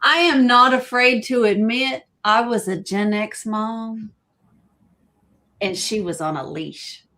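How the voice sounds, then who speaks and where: A middle-aged woman chats casually as a co-host in a plainspoken, emphatic way. Her voice is high and she speaks slowly, leaning on her words. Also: pushed and bright. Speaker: co-host of live vintage sale. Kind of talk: casual chat.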